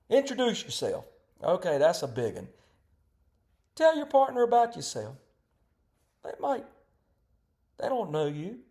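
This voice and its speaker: A man leads an informal training talk for ambulance crews. His voice sits fairly high, and his delivery is folksy and chatty, built on rhetorical questions and plain advice. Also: warm tone. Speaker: EMS instructor.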